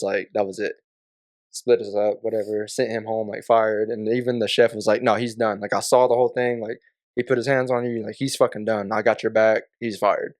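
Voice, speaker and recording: A man on a podcast telling a casual, profane story in a laid-back way, often breaking into laughter. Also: mid-range voice. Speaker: podcast guest.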